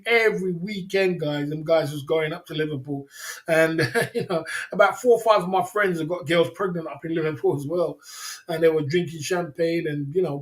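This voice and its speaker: A man telling a rambling, slangy story on a livestream. He repeats himself and laughs often. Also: a little high. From England. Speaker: livestream host.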